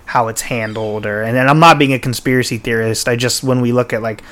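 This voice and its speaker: A man's voice: mid-range voice, fairly even intonation, brisk, a bit bright. A man hosting a podcast in casual chat, talking in a rambling, profane way full of restarts and fillers. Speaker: podcast host.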